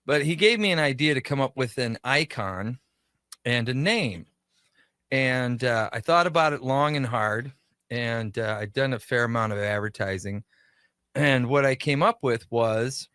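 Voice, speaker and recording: A man's voice: medium pitch, smooth, dry recording, clean studio sound. A man, a shop owner and guest on a radio show, telling a story in a casual interview and acting out the voices of the people in it. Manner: animated, acts out quoted dialogue.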